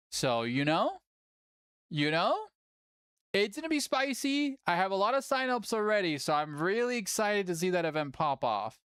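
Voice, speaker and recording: A tournament host chatting casually on a livestream, animated, laughing often and swearing casually. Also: mid-range voice, normal speed, smooth, no echo, studio quality.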